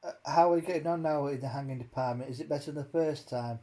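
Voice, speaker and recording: A man's voice: a little high, fast talker, mellow. A man hosting a casual chat, rambling and swearing as he rants with many fillers. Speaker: host.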